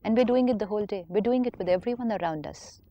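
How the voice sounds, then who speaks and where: A woman speaking as a spiritual teacher, explaining patiently and gently persuading in a calm dialogue. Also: mid-range voice, quick pace, dull audio. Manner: patient, gently persuasive, acts out inner thoughts.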